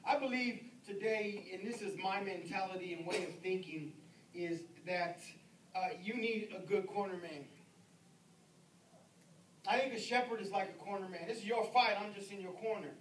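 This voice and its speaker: A man's voice: high-pitched, moderate pace. A male pastor preaching a sermon, his words driving home points through emphatic repetition. He is picked up from a distance in a roomy space with a faint hum of noise behind him. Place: church sanctuary.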